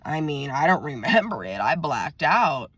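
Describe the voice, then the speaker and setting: A woman's voice: low voice, sing-song, measured pace, a bit bright, husky, no room sound, studio quality, full character voice. A woman voicing a hungover, rambling young man who talks in a groggy, self-pitying way.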